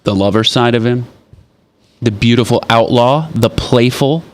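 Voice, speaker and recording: A man speaking as a guest on a faith talk show, halting and restarting, then turning animated when telling stories. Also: mid-range voice. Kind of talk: casual faith chat.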